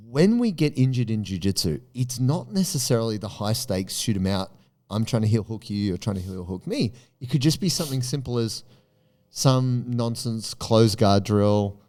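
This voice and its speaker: A man hosting a podcast, talking in an emphatic way and jumping up high in pitch for punchy questions. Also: a little mellow. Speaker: podcast host. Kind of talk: animated podcast monologue.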